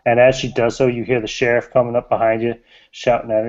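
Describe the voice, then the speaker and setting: A man narrating as game master of a tabletop game, halting with many fillers. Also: mid-range voice, flat delivery, a little mellow. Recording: slightly muffled lo-fi recording.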